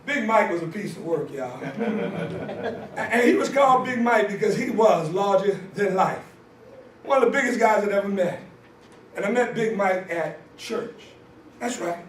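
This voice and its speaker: A man telling a story as a conference speaker, sermon style, animated and often shouting for emphasis. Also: high voice, slight background noise. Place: church conference hall. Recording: echoey hall from far off.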